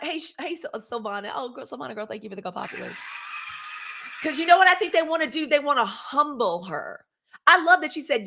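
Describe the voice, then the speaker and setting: A woman in her forties hosting a livestream, talking candidly and emphatically straight to her audience, shouting out viewers by name and swearing, then apologizing for it. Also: high voice, expressive, brisk. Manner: greets viewers by name and thanks them for gifts. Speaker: host. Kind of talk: solo livestream commentary.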